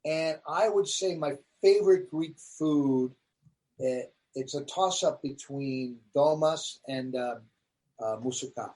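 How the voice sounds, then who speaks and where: Comedian guest, husky and a touch high, animated storyteller in a casual interview. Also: male voice, slow. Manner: animated storyteller, acts out quotes.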